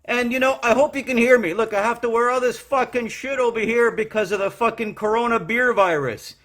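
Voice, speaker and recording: A man doing a brash, swearing, middle-aged courier clerk, ranting in a high, strained voice. Recorded at home, he complains nonstop and curses his way through calls. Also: fairly quick, a bit bright. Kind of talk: comedy character monologue.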